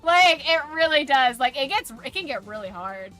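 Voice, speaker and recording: A woman streamer with a mild Southern American accent, chatting casually with her chat in a rambling way, her voice going a bit hoarse. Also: high-pitched, expressive, normal speed, fairly bright tone, faint music behind. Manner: rambling, many "like" fillers and restarts.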